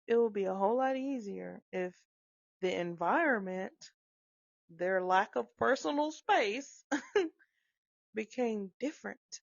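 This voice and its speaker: A woman talking in a casual monologue about parenting, animated and acting out quoted dialogue. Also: medium pitch, slow, vocal fry, pauses often, no echo. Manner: animated, acts out quoted dialogue, frequent laughs. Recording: dull, dry close-mic sound.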